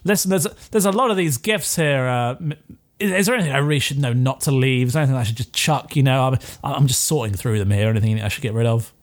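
A man's voice: medium pitch, fast, natural voice. A man voicing a sly trick-or-treater who is chatty and talks his way past guards with a bluff. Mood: wheedling. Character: cheeky trick-or-treater playing a cute kid.

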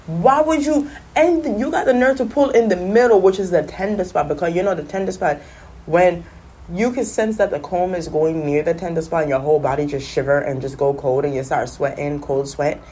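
A young woman, telling stories in a sassy, animated casual rant, coughing now and then. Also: on the low side, brisk, husky. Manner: animated, sassy storytelling with patois slips. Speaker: vlogger. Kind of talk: casual smoking-session rant.

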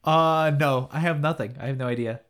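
A man's voice: fairly high pitch, a little fast, a bit bright. A man co-hosting a podcast, talking casually and hesitantly about shows and movies. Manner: easygoing, hesitant, with ums. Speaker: podcast co-host.

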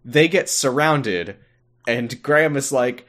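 A man co-hosting a casual podcast who retells plot with dry, wry humor. His pitch swings widely and animatedly around a middle-range voice. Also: expressive, slow pace, fairly bright tone. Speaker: podcast co-host. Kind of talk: casual recap chat.

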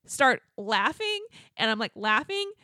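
Her voice sits on the high side, very animated and a little slow, with a bright, forceful tone. She's a pregnant young podcast co-host telling a long story in casual chat, laughing often and saying "like" constantly. The studio sound is clean, with no room sound.

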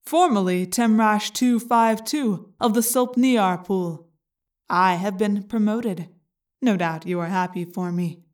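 A woman voicing a gloating male alien parasite in an audiobook, slow and mocking. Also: medium pitch, distant mic, lightly acted. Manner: slow, taunting, smug. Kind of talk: audiobook character reading.

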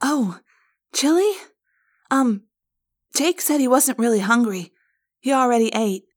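Woman voicing nervous teen girl, hesitant, higher voice, audiobook. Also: expressive, measured pace. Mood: anxious. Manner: hesitant, anxious. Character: nervous teenage girl covering for a friend. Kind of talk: fan audiobook reading.

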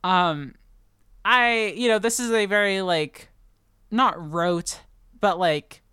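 A woman's voice: mid-range voice, slow, bright, forceful tone, clean tone, no echo, studio quality. A woman co-hosting a casual book podcast, rambling with lots of fillers and restarts and laughing often. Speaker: podcast co-host. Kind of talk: casual book-discussion chat.

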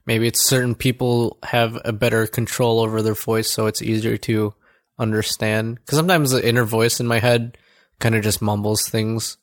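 Young guy on a chat show, lowish voice, laughs a lot. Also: level tone, normal speed. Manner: laughs often, tries out quoted voices. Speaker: co-host. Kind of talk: casual chat.

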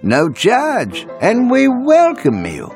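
A high, sing-song voice from a man doing a hammy Hawaiian accent, swooping wildly up and down as it greets listeners. The delivery is slow and teasing. Faint music plays underneath. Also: wildly swooping pitch, darkish tone, full character voice. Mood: playful. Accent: put-on Hawaiian. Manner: jokey, sing-song, exaggerated.

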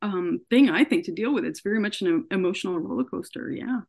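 A woman in middle register speaks earnestly on a podcast, recounting her experience step by step. She stumbles and repeats words when the memory upsets her. Her pitch sits at an ordinary level. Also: quick pace, vocal fry, a little mellow. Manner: earnest, often acts out dialogue in her retelling. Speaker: guest, researcher. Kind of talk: telling her own story in conversation.

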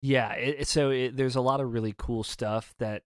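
A man's voice: mid-range voice, fairly even intonation, normal speed, clean tone, dry recording, clean studio sound. A man reviewing a video game in a casual discussion, talking eagerly and rambling with lots of fillers. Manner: enthusiastic, rambling with many fillers.

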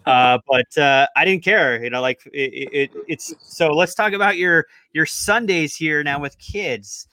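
A man's voice: a little high, measured pace, sharp tone, dry recording. A man co-hosting a casual podcast, easygoing as he steers the talk with questions. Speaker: podcast co-host.

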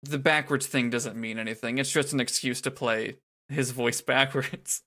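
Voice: mid-range voice, steady tone, moderate pace, sharp tone. A podcast co-host in casual chat about song lyrics, chatty and laughing, with many restarts.

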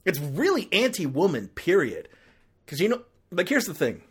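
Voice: medium pitch, wildly swooping pitch, moderate pace, slightly rough. A film reviewer ranting through a ranked movie list, exasperated and full of casual fillers. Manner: ranting, exasperated, escalating into outbursts; casual filler-heavy talk with restarts.

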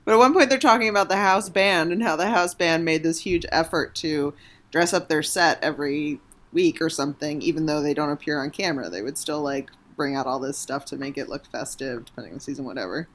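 A woman's voice: low voice, brisk. A woman co-hosting a casual chat, rambling, laughing often and swearing freely. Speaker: podcast co-host.

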